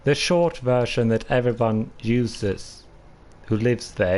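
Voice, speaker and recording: A man's voice: mid-range voice, slow pace, darkish tone, a little hiss or hum. A young man chatting casually on a live stream, rambling and apologizing for himself. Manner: rambling, self-conscious, apologetic.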